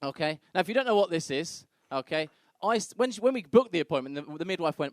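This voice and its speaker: A young comedian with a fairly high, expressive voice talks fast, barely pausing, as he tells crude stories onstage and brashly mimics the people involved. The sound is studio quality with no echo.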